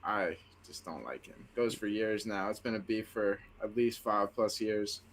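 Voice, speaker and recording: Lower-voiced man swapping fan stories. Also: a little slow. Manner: excitable storyteller, acts out quotes, lots of "like" and "yo". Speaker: co-host of a sports watch-party stream. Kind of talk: casual sports chat.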